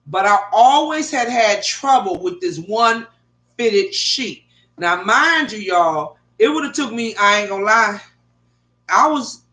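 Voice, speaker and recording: A middle-aged woman telling a rambling, animated story to her viewers at home, with heavy swearing. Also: medium pitch. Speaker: vlogger. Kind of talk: casual profane storytelling to viewers. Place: bedroom at home. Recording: echoey room.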